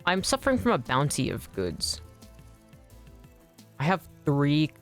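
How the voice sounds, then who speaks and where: A young woman streams a game in a low, casual voice. She rambles and swears easily, and her pitch swings widely. Faint background music plays under her chat. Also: huge pitch swings, a little slow.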